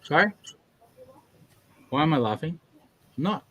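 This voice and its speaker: A man's voice: fairly high pitch, sing-song, measured pace, a bit bright, lo-fi sound. A man, hosting a casual livestream, chatty and laughing often as he reads viewer comments. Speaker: livestream host.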